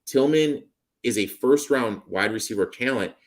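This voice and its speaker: A man's voice: medium pitch, normal speed. A man co-hosting a sports betting show, confidently breaking down football teams and wagers in casual chat. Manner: confident, rattles off player names.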